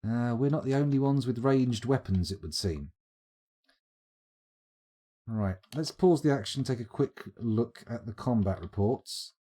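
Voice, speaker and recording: A man's voice: mid-range voice, a little slow, dark tone. A man streaming live, giving chatty, wry gameplay commentary as he thinks aloud. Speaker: streamer playing a game.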